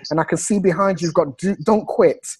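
A man hosting a video call, enthusiastic and salesy, slowing down to stress his points. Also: high voice, poor audio. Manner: enthusiastic, salesy, slows down for emphasis. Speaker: host.

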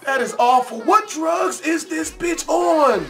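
A reaction host, drawing his words out slowly. He hollers, curses and laughs at what he watches. Faint music plays behind him. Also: extremely high pitch, expressive. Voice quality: loud, shouting exclamations, frequent laughter. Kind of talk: profane reaction commentary.

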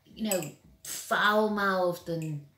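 A woman's voice: lowish voice, drawn-out words, bright, forceful tone. A middle-aged woman from England, ranting bluntly and with lots of swearing, often stumbling over and repeating her words. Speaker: vlogger. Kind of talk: angry personal rant. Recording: echoey room.

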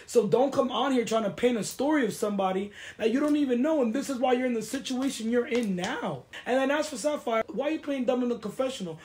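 A woman's voice: on the high side, fast, hardly any pauses. A young woman from the East Coast hosts a casual chat show. She argues in a heated, confrontational way, firing off questions and dropping into Spanish now and then. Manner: confrontational, animated, mixes in Spanish phrases. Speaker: podcast host.

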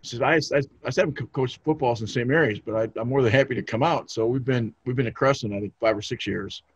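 A man's voice: mid-range voice, quick pace, slightly rough, dry recording. Guy hosting a chill interview, rambles a bit, dry muffled audio. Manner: chatty, rambling with restarts. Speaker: interviewer, host. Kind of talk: casual interview. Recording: dull, dry lo-fi sound.

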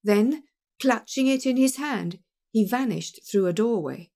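A woman with a fairly high voice reads a classic detective story aloud. Her narration is measured and expressive, shaping each sentence with care. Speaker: audiobook narrator.

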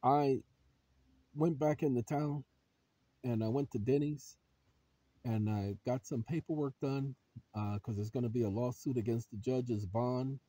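A man hosting his own channel, giving emphatic vlog commentary and firing rhetorical questions at viewers he calls ladies and gentlemen. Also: mid-range voice, a little slow, long pauses. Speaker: channel host.

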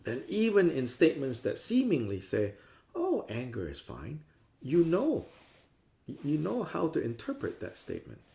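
A man's voice: a little high, huge pitch swings, unhurried, vocal fry, mellow. A man teaching a Buddhist class in a conversational way, often acting out the views he discusses with playful voices. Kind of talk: dharma class lecture.

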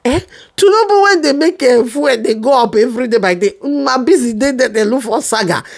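Lively Nigerian woman, teasing gossip host. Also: a little high, a little fast, creaky. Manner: animated, laughing, teasing. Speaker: commentary host. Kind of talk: gossip commentary in Pidgin.

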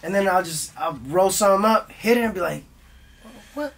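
A man's voice: sits high, lively intonation, moderate pace, a bit bright. A young man telling a story in a loose, profane style, acting out his own voice as he goes. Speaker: guest. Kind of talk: casual storytelling.

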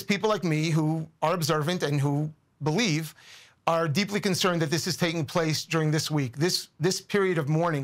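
Appearing as a guest commentator in a news interview, a man speaks in a slightly high voice. He is earnest and emotional, often repeating words while searching for the right ones.

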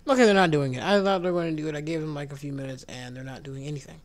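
Man, casual gameplay commentary, excitable, squeaky surprised outbursts, whispered asides, voice that cracks. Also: very fast. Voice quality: voice cracks when it goes high. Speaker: gaming channel host.

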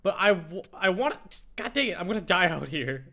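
Excitable bright-voiced man gaming. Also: sits high, normal speed. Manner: excitable, talks to in-game animals. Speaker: Minecraft let's play host. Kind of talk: casual gameplay commentary.

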